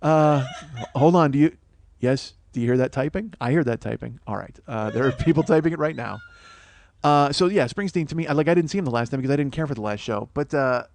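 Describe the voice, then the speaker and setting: A man's voice: medium pitch, fast, vocal fry, a little mellow, slight background noise. A man hosting a podcast, telling a comic story in a rambling, profane, self-mocking rant. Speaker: podcast host. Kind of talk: comedic storytelling monologue.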